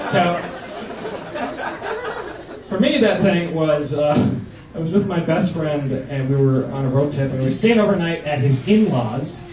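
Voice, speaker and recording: Guy doing stand-up in a club, kinda high voice, roomy live sound w crowd laughing. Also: a little slow, long pauses, far from the mic. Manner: animated storytelling with acted-out voices. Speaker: stand-up comedian. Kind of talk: stand-up comedy set. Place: comedy club stage. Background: audience laughter.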